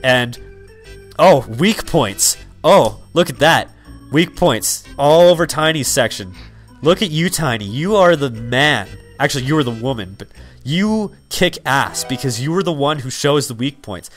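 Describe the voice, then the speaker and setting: A young man chatting loosely over his gameplay, drifting from topic to topic with plenty of 'like' and 'um'. His voice sits at an ordinary middle pitch. Soft game music plays faintly behind him. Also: animated, unhurried. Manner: rambling, full of fillers and 'like'. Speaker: let's player. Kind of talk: casual gameplay commentary.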